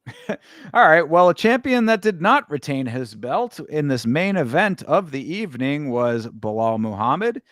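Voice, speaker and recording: A man's voice: on the high side, very animated, a bit bright, no room sound, clean studio sound. A man hosting a casual sports talk show, easygoing and hedging as he weighs in and hands off to his co-host. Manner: easygoing, hedging, quick asides. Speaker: podcast host.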